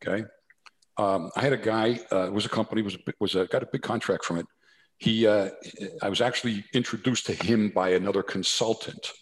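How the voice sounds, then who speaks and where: Here the New Jersey consultant sounds low, with fairly even intonation and a slightly fast pace. Guesting on a casual storytelling interview, he keeps breaking off into asides and starting over as he shares anecdotes.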